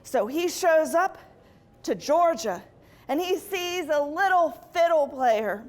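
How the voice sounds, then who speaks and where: A woman's voice: high-pitched, expressive, slow. A woman hosting a comedy show, telling a playful story to a live audience and giggling along.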